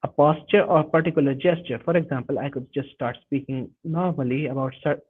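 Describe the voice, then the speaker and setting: Indian english guy teaching a webinar, keeps restarting his sentences, raspy voice, tinny call audio. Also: fairly high pitch, brisk. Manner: explanatory, frequent restarts and self-corrections. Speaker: webinar instructor. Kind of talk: live online lecture. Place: home or office, online webinar. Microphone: computer mic over a web call.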